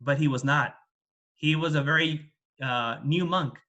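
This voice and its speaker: A man's voice: fairly high pitch, unhurried, pushed and bright. A man, a Buddhist monk, retelling a scripture story in a plain, repetitive way with fillers. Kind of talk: dharma talk storytelling.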